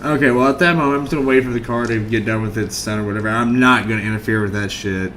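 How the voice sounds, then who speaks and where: A man playing a tabletop role-playing game, brash and profane, bursting into shouts in character. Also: fairly low pitch, steady tone, fast talker, slight background noise. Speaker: player.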